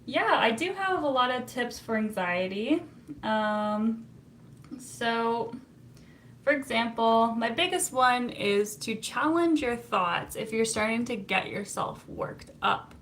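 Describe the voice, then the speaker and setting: A woman's voice: on the high side, lively intonation, slow pace, a bit bright, a little hiss or hum. A young adult woman, a psychotherapist, chatting casually on a live stream, reading viewer comments and laughing often. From Canada.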